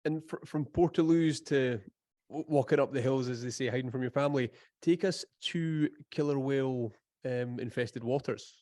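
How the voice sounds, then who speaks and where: A man's voice: mid-range voice, normal speed, darkish tone, no room sound. A man hosting a podcast in a casual interview, chuckling and nudging his guest along with encouraging prompts. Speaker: podcast host.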